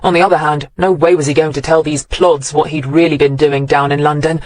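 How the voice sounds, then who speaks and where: A man narrating a mystery audiobook in an even, wry storytelling manner on a close studio mic. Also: on the high side, a little fast.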